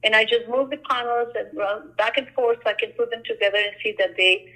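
A woman artist who works on murals, talking casually and telling stories in an animated way, often acting out the lines people said to her. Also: fairly high pitch, brisk, rough recording. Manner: animated storyteller, acts out quoted dialogue. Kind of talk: casual conversation.

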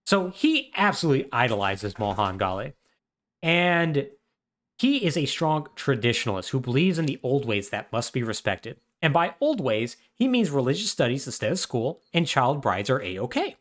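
Here a man co-hosts a podcast, recapping a video game story in relaxed conversation with wry jokes and lots of filler words. His voice is medium-pitched, very animated and a bit bright, at a moderate pace.

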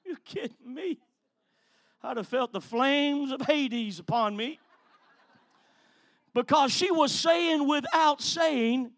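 A male evangelist preaches with a very high voice for a man, telling stories with drama and building to loud, forceful declarations. The sound is dry and close, with little room around it. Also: moderate pace, no echo. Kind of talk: sermon.

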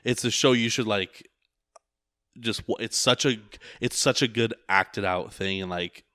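A man's voice: on the low side, unhurried, pushed and bright, dry recording, studio quality. A man in casual chat who tells long rambling stories and swears a lot. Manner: rambling storyteller, heavy swearing.

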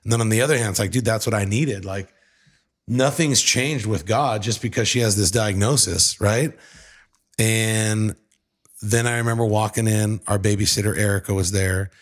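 A man in his thirties with a somewhat low voice shares an emotional personal story. He talks in a casual, run-on way, dropping "like" and "dude" often. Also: fairly even intonation, moderate pace. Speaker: husband telling a family story.

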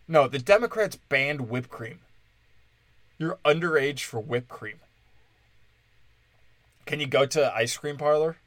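A man from Wisconsin delivers a profane, sarcastic solo rant, swinging between mocking asides and exasperated outbursts. His voice sits at an ordinary middle pitch. The sound is dry and close, with no room echo. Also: normal speed, long pauses.

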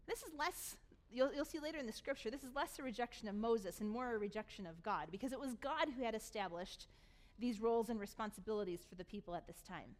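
A woman pastor giving a sermon, retelling scripture in animated, casual voices and speaking directly to the congregation. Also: fairly high pitch.

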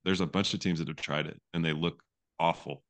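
A man's voice: low voice, steady tone, fairly quick, a bit bright. A man from the Pacific Northwest of the US co-hosting a casual sports betting podcast, easygoing but ready to argue a point. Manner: easygoing, argumentative, joking. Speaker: podcast co-host.

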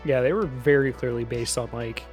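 A man talks loosely through a casual podcast chat, with lots of "like" and "uh" as he goes. His pitch sits in a middling range. Soft music plays faintly underneath. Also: normal speed. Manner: chatty, loose, full of "like" and "uh" fillers. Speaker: podcast co-host. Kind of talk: casual chat about a movie.

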